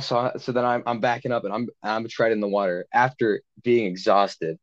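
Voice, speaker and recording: A man's voice: medium pitch, steady tone, moderate pace, hardly any pauses, lo-fi sound. Rambling young man telling a story. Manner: rambling, with many fillers and restarts. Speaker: podcast co-host. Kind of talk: casual storytelling chat.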